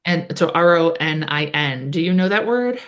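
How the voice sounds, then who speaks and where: A woman's voice: sits low, lively intonation, normal speed. A woman co-hosting a podcast, recapping an episode in casual chat with lots of "like" and "um". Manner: chatty, many "like" and "um" fillers.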